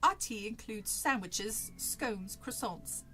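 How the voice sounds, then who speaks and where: A woman's voice: mid-range voice, expressive, takes it slowly, bright, forceful tone, faint music behind, rough recording. A woman voicing a formal, polite hotel waiter in a storybook reading.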